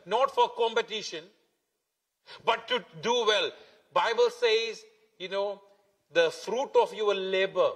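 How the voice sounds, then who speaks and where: A man's voice: high-pitched, a bit bright. A man preaching a sermon as pastor, emphatic and repetitive, stretching key words. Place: church hall. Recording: long hall reverb.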